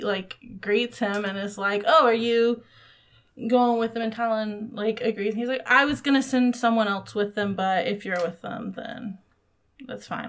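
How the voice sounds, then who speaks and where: A woman's voice: a little high, a bit bright. A woman narrating as game master in a casual tabletop game, hesitant with fillers.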